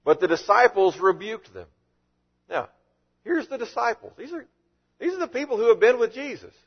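Guy preaching a sermon, lively up and down voice, kinda high, muffled lo-fi audio. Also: moderate pace, breathy edge. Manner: animated preaching with rhetorical questions. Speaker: pastor.

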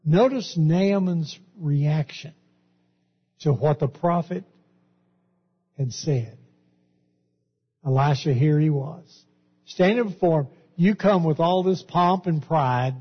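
A man preaching a sermon, reading Bible verses and explaining them in an emphatic, deliberate way. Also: a little high, slightly rough. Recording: dull, echoey hall.

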